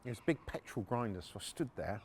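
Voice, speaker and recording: A man's voice: fairly low pitch, sing-song, fast, a little hiss or hum. A middle-aged man, a podcast host and former repo man, telling a story casually and bluntly, swearing and restarting his sentences.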